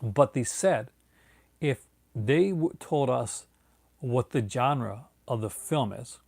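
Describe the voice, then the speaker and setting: A man's voice: mid-range voice, animated, slow pace, gravelly, darkish tone, breathy edge, dry recording, clean studio sound. A tired man hosting his own video, chatting casually and rambling with many fillers and restarts. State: tired, yawning. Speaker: video host. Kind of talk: casual late-night video chat.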